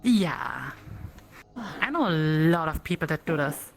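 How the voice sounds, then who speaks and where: A woman guest on a live stream, reacting to the host in a slow, laid-back way and adding short remarks. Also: low voice, very animated, creaky. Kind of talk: casual live-stream chat. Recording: background music under the voice.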